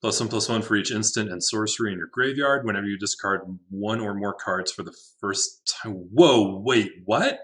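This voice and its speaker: Low, bright-voiced man muttering gameplay commentary. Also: fairly quick, few pauses. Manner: talks to himself, wry, laughs at his own jokes. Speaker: game streamer.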